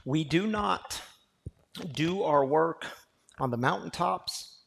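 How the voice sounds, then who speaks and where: A man, pastor of a recovery community, preaching a sermon that moves from quiet storytelling to loud, fervent exhortation. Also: on the high side, expressive, slow pace, vocal fry, a little hiss or hum.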